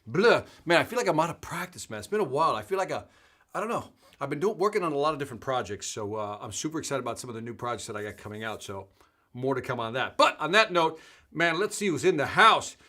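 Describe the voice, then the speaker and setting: A man's voice: medium pitch, expressive, fast talker, pushed and bright. A middle-aged man hosting a live sales show, chatting casually and greeting viewers by name with energy. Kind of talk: casual live-stream chat.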